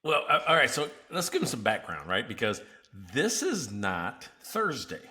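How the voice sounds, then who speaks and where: A man's voice: mid-range voice, huge pitch swings, moderate pace, sharp tone. A man hosting a casual business podcast, telling stories animatedly and laughing often. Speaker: podcast host. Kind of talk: casual chat.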